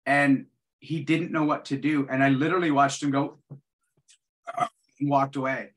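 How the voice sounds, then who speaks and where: Bright-voiced animated male storyteller. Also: medium pitch, moderate pace. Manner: animated storyteller, acts out quotes. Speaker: guest martial artist. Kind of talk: casual chat.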